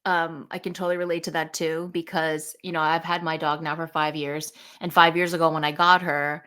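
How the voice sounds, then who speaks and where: Bright-toned emphatic woman. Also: deep voice, fairly quick, clean tone. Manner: emphatic, animated, filler-heavy. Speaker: podcast host. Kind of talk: conversational podcast chat.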